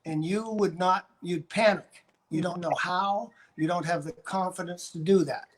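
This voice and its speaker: A man's voice: high voice, steady tone, measured pace, slight background noise. Older man explaining dog training. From Canada. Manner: explanatory, repeats points, demonstrates with his dog. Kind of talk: live-stream Q&A coaching.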